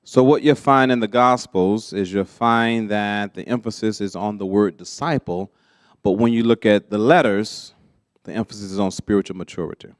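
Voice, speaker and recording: A man's voice: fairly low pitch, steady tone, moderate pace, dry recording, studio quality. A man leading a church teaching workshop, conversational and often checking that listeners follow. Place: church classroom.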